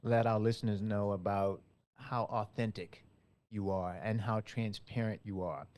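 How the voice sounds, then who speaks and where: Halting, encouraging male interviewer. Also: on the low side, steady tone, darkish tone. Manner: halting, many fillers and restarts, encouraging. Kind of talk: casual interview conversation.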